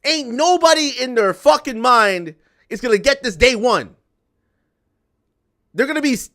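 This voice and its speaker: Animated high-voiced young man ranting. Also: normal speed. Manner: animated, exasperated, repeats himself, swears. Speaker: streamer. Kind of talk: ranting casual chat to viewers.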